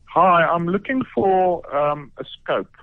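A man making a deadpan prank phone call as a radio host. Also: a little high, slow, no echo. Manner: deadpan, straight-faced. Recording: tinny phone line, dry.

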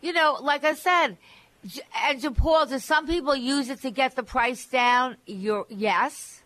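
A woman's voice: sits high, measured pace, a bit bright, no echo. A middle-aged or older woman hosting a call-in real estate radio show, giving blunt, emphatic advice with many restarts.

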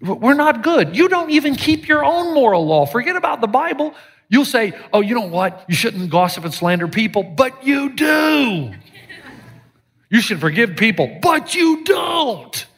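Animated preaching pastor in a reverberant hall. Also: male voice, sits high, fairly quick, breathy edge. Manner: animated preaching with jokes and sudden shouted lines. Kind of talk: sermon. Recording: live sermon with long hall reverb.

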